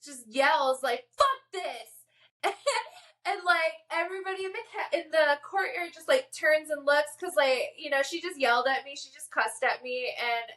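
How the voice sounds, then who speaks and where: Bright-voiced deadpan woman co-host. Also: high voice, normal speed, hardly any pauses, slight background noise. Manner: deadpan delivery. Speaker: podcast co-host. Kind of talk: casual chat.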